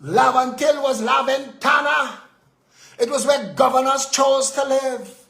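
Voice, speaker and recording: A man with a Trinidadian accent hosting a live political talk show, ranting with indignation, firing off rhetorical questions and sometimes shouting. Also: extremely high pitch, measured pace, creaky, reverberant, faint music behind.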